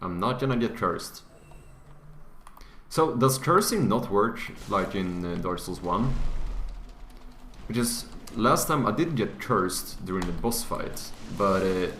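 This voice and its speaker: A young man streaming video games live, swearing constantly and bursting into loud exclamations. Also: lowish voice, animated, slow pace, long pauses, a little hiss or hum. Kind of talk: live-stream gaming commentary.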